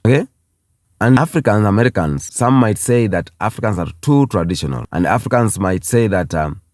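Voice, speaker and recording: A man delivers an emphatic commentary to camera. His low voice rises and falls with real animation, and he repeats key phrases to drive them home. The sound is dry and close, with no room around it. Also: darkish tone, no room sound. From Kenya. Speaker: YouTube commentator. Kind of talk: impassioned video commentary.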